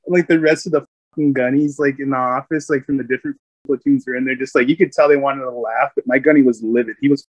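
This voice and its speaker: A man's voice: medium pitch, steady tone, quick pace, no room sound. A man, a Marine veteran, casually telling stories from his service, rambling with many fillers and frequent laughs. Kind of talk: casual storytelling.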